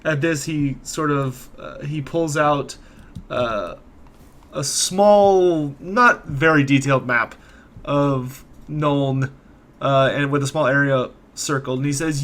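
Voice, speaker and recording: A man narrating a tabletop game as game master, relaxed, with frequent fillers. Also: on the high side, slow pace.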